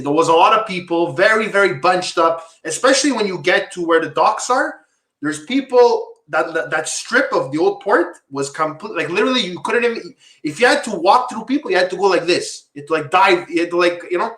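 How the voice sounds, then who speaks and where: A man's voice: on the high side, bright, forceful tone. A man from Quebec hosting a casual podcast talk show, rambling, repeating himself and calling viewers "guys". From Quebec, Canada. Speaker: podcast host. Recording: echoey room.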